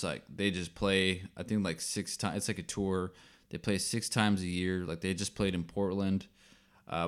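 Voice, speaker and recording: A man hosting a casual sports podcast, rambling with lots of fillers and restarts, and getting worked up when he tells a story. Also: low voice. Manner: gets worked up when telling a work story. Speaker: podcast host.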